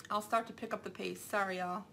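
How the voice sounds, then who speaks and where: A woman's voice: medium pitch, fairly even intonation, brisk, creaky, noisy background. A young mother, chatting casually while she crafts, rambling and repeating herself. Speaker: craft vlogger.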